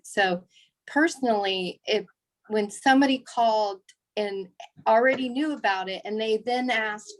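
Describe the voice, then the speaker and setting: Woman agent in a class audience, even middle voice, working out her point as she speaks. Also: medium pitch, low-quality recording. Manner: thinking aloud, halting. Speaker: real estate agent in class. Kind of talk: question from the audience.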